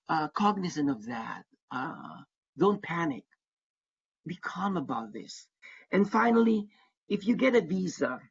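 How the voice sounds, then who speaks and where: A man leads an online workshop as an advisor to international students, sounding earnest and repeating his key advice twice for emphasis. His high-pitched voice is a little husky, and the video-call audio is dull and lo-fi.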